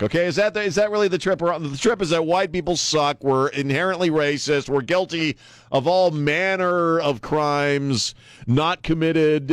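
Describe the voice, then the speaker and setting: A man's voice: fairly high pitch, clean tone, dry recording. A man hosting a talk radio show, delivering a sarcastic, rambling opinion monologue with many restarts.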